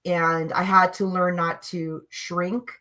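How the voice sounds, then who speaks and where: A woman telling personal spiritual stories in a casual, animated, emphatic way, acting out what others said. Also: lowish voice, slow pace. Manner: animated, emphatic, acts out quotes. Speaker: podcast guest.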